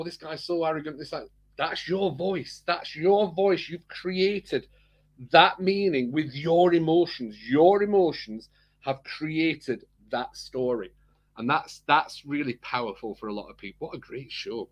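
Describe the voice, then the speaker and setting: A man's voice: a little high, slightly rough. A man co-hosting a podcast, chatting casually and rambling, repeating words and laughing often. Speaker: podcast co-host. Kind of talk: casual chat.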